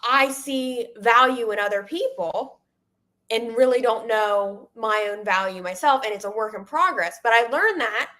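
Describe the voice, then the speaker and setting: Chatty young woman co-host, bright voice. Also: fairly high pitch, unhurried. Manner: laughs often, chatty and self-deprecating. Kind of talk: casual live-stream chat. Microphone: video call.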